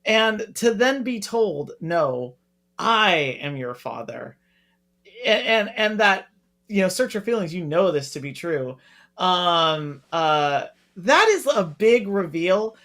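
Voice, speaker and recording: Chatty podcast co-host, mid-pitched. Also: lively intonation, takes it slowly, a bit bright. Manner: chatty, quotes lines in passing. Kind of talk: casual discussion.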